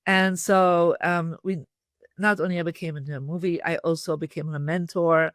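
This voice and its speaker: A woman guest in a podcast interview, telling lively stories and acting out quoted dialogue. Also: on the low side, moderate pace, no room sound, clean studio sound. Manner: animated storyteller, quotes dialogue. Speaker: podcast guest, feng shui teacher. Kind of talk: casual interview storytelling.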